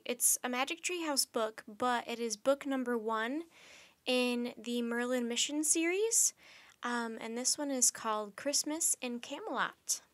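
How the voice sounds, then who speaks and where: High-voiced woman reading a storybook. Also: dry recording. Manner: gentle, friendly, unhurried storytelling. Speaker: children's storytime reader. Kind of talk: reading a children's chapter book aloud.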